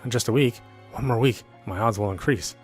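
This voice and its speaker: Man narrating a visual novel, low voice, earnest, faint music underneath. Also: moderate pace. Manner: earnest first-person narration. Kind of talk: reading a visual novel aloud. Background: faint background music.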